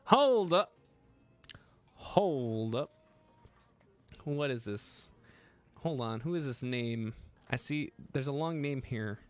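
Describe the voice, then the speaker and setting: A man's voice: mid-range voice, unhurried, clean tone, soft background music. A man hosting a casual live stream, joking and laughing as he gets flustered over his own slip. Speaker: livestream host building a PC.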